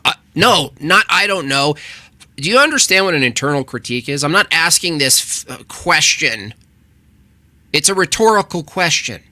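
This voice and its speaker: Heated male reaction host, swears a lot, bright and sharp-edged voice. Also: a little high, lively intonation, normal speed, no echo. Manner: combative, swearing, exasperated. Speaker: channel host reacting to a video. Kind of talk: heated casual reaction commentary.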